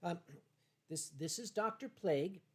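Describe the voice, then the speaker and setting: A tipsy man hosting a casual livestream from home, rambling and halting through viewer comments with many fillers and restarts. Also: high voice, animated, husky. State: tipsy from wine. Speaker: livestream host.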